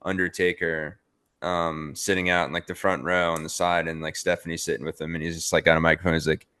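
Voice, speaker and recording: A man's voice: low-pitched, little pitch movement, fast talker, fairly bright tone, dry recording, studio quality. A man co-hosting a podcast in casual chat, rambling with lots of "like" and some swearing. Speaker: podcast co-host.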